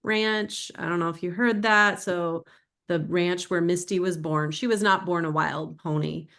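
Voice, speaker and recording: A woman's voice: fairly low pitch, fairly even intonation, measured pace. Chatty middle-aged woman giving a book talk. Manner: chatty, digressive, warmly emotional storytelling. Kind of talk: informal presentation to an audience.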